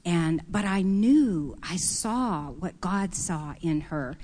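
Woman, church panelist, calm and thoughtful, lowish voice. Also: slow pace. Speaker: panelist, prophetic minister. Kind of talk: reflective storytelling.

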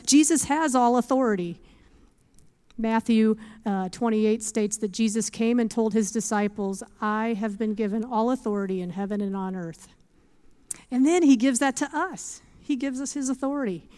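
Woman, smooth clear voice, earnest testimony, quotes scripture, laughs easily. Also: a little high, a little mellow. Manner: laughs often. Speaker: speaker giving a faith testimony. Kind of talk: testimony talk.

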